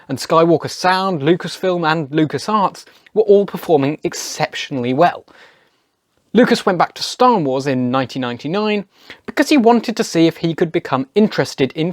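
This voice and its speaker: Man's wry, lively voice-over narration. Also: a little high, dry recording, clean studio sound. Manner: wry, opinionated. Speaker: video essayist. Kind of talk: scripted narration.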